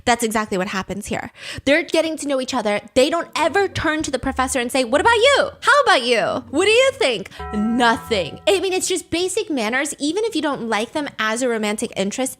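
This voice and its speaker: A woman hosting a podcast, recapping a story in a casual, animated and sarcastic way, with the odd swear word. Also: sits high, fairly quick, soft background music. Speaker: podcast host.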